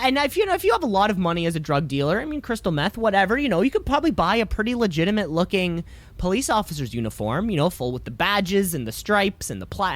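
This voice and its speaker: A man's voice: sits high, a bit bright. A man co-hosting a podcast in casual chat, rambling and joking sarcastically. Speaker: podcast co-host.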